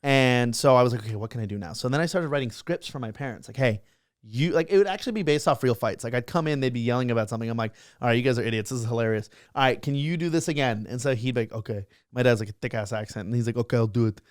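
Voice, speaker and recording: Excitable and quick, a young social media creator tells stories as an interview guest, full of fillers and restarts. He speaks at an ordinary pitch. The recording is close and dry, with no room sound.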